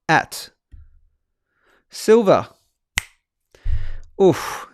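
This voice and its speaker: Upbeat man with a gravelly voice. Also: on the high side, dry recording, clean studio sound. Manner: upbeat, reads out chat messages with quick asides. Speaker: host of a live market stream. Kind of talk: casual live-stream chat.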